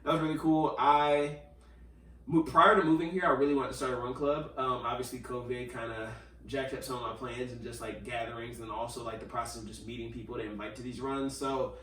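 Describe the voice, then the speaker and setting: A man's voice: mid-range voice, fairly quick, recorded from a distance. A man hosting a podcast, telling a story in casual chat, acting out the quotes with lots of fillers. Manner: animated storyteller, acts out quotes, many fillers. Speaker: podcast host. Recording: roomy sound, a little off mic.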